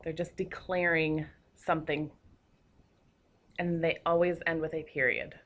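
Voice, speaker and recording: A woman's voice: sits low, level tone, a little slow, fairly bright tone. A woman teacher giving a recorded grammar lesson, explaining patiently with a few fillers.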